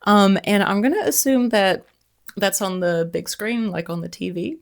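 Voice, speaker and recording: A woman's voice: medium pitch, moderate pace, creaky, dry recording, studio quality. An American woman around forty hosting a casual vlog outdoors by the sea, talking in a playful, self-mocking way. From United States. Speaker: vlogger host.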